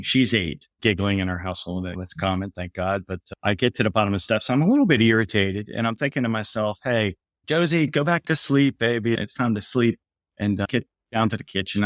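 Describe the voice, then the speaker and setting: A man's voice: lowish voice, fairly bright tone, no room sound, clean studio sound. A middle-aged man, a podcast guest, earnestly telling a personal story and lifting his voice when quoting others.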